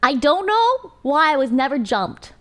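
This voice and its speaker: High, lively young woman streamer. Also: a little slow. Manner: animated and giggly, talking to chat. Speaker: live streamer. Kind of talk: casual stream chat.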